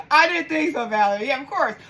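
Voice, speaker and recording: A woman's voice: high-pitched, low-quality recording. A woman hosting a live podcast, exclamatory and incredulous, talking straight to her listeners. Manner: animated and incredulous. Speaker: podcast host.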